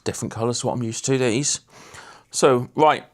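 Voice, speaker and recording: A man's voice: medium pitch, normal speed. A man hosting a casual livestream, chatting and teasing viewers while he works on a guitar. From Lincolnshire, England. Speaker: livestream host.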